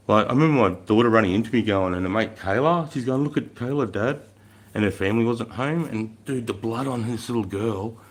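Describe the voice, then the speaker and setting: A man's voice: lowish voice, a bit bright. An Australian man in his forties, chatting casually and bluntly with viewers on a livestream, swearing freely and calling people mate and bro. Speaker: livestream host.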